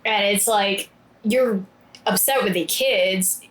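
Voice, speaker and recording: A woman's voice: mid-range voice, slow, reverberant. A woman guest on a casual podcast, telling stories with lots of laughter and acted-out quotes. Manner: animated storyteller, acts out quotes, laughs often. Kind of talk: casual chat.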